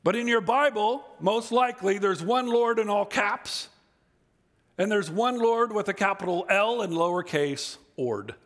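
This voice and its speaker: A man preaching a sermon, reading scripture aloud and acting out the speakers, moving from low, quiet reading to loud, high emphasis. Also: unhurried. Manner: acts out voices in scripture and paraphrase.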